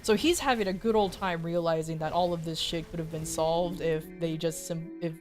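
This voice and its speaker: A woman's voice: lowish voice, moderate pace, over music. A woman streamer casually telling a story, swearing freely and acting out quotes. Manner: animated, profane, acts out quotes.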